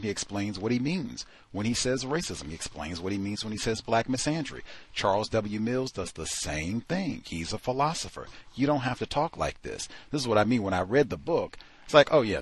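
A man's voice: lowish voice, breathy edge. A man hosting a talk show, giving an exasperated, sarcastic review of a book, full of fillers like "uh" and "like.". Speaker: podcast host. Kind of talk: critical book review commentary.

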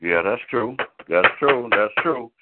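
A man hosting a call-in show in relaxed, slangy casual chat, often repeating his phrases. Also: medium pitch, unhurried, heavy background noise. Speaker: show host. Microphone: phone. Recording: tinny phone line.

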